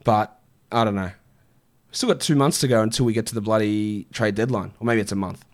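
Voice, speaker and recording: A man's voice: lowish voice, brisk. A man hosting a casual live-stream show, answering viewer questions in a chatty, offhand way. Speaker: fantasy basketball show host.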